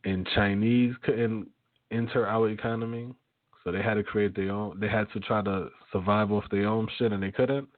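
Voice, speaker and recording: A man's voice: lowish voice, fairly even intonation, normal speed, dry recording. A man hosting a radio talk show, speaking loosely and profanely with lots of fillers and restarts. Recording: tinny phone-like line.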